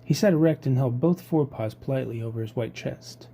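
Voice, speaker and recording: A man reading a novel aloud in a measured, unhurried way. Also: mid-range voice, vocal fry, highs cut off. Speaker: audiobook reader.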